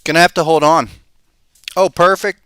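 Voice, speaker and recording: A man hosts a live market commentary show with a bright, forceful tone and a smooth, crisp voice. He thinks aloud, casual and conversational, and tosses out rhetorical questions. The sound is dry and close, with no room echo. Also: on the high side, steady tone, moderate pace. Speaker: podcast host and market analyst.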